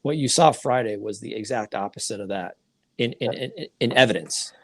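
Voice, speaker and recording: A man co-hosting a podcast explains markets in casual talk, frequently restarting his sentences. His voice is lowish and fairly bright, a little fast, recorded dry with clean studio sound.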